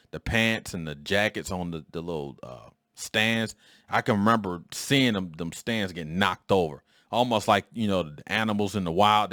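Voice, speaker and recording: A man's voice: lowish voice, a bit bright, no room sound, clean studio sound. A man in his forties hosting a podcast, telling a childhood story in a rambling, conversational way with many fillers and restarts. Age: 40s. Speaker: podcast host. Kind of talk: casual storytelling monologue.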